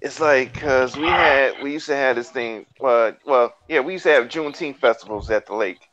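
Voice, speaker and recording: Man, bright tense voice, rambling and cursing, lo-fi recording. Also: mid-range voice, moderate pace. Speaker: podcast co-host. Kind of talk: casual chat. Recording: dull lo-fi sound.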